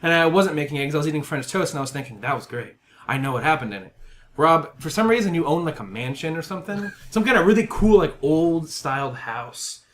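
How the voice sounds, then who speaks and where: Fast-talking high-voiced male podcast host. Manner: animated storyteller, acts out voices. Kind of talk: casual chat.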